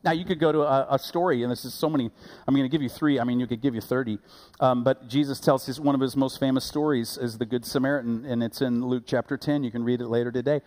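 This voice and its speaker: A man pastor preaching a sermon, animated and rising loud on key points, with quick asides and self-corrections. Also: medium pitch.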